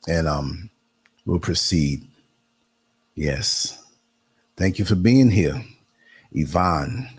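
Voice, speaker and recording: A man with a fairly low, husky voice hosts a live stream. He talks casually and straight to his viewers and laughs easily. At times he slows down to read text aloud. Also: a little mellow, low-quality recording. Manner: reads text aloud slowly. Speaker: host of a live online talk show.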